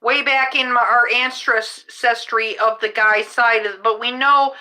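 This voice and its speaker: A woman's voice: on the high side, steady tone, unhurried, sharp tone, poor audio. A middle-aged woman, a rideshare driver, hosting a podcast in a casual, rambling way, often restarting her sentences. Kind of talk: casual chat.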